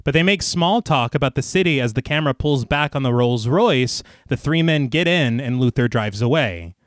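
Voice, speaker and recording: A man at mid pitch recaps a film plot for a podcast in a steady reading voice, then drops in joking asides. The sound is dry and close, with no room around it. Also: normal speed, no room sound. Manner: reads recap evenly, then jokes with animated asides.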